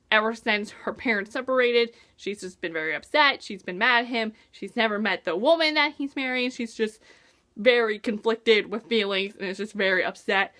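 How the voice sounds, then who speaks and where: A woman's voice: fairly high pitch, fairly bright tone. A young woman casually reviewing a book in a vlog, bubbly and gushing, with lots of "like" and "oh my gosh".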